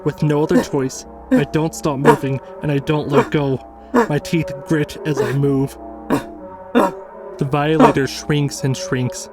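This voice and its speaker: A man's voice: fairly high pitch, fairly even intonation, music in the background. Man narrating a tense horror tale. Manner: tense, measured first-person storytelling.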